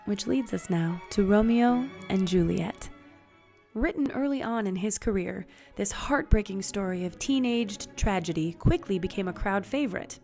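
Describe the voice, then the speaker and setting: A woman's voice: medium pitch, moderate pace, a little mellow, soft background music. Upbeat woman narrating an acting lesson. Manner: upbeat, encouraging, conversational. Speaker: acting teacher. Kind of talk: scripted instructional narration.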